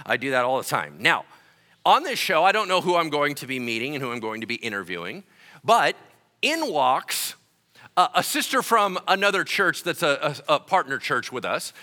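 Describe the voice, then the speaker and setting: Animated, bright-voiced male pastor preaching. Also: on the high side, normal speed. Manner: animated storytelling, quoting others in their voices. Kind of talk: sermon.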